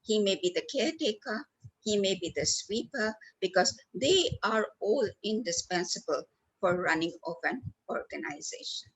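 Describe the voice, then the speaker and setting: A woman's voice: mid-range voice, animated, moderate pace, rough recording. A woman leading a training workshop, stressing words for effect and speaking to listeners by name. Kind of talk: lively training talk. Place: lecture hall.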